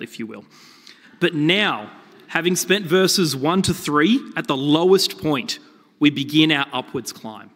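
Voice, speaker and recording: A man preaching a sermon, telling stories with lively, shifting emphasis. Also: a little high. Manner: animated storytelling with shifting emphasis. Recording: long reverb of a hall.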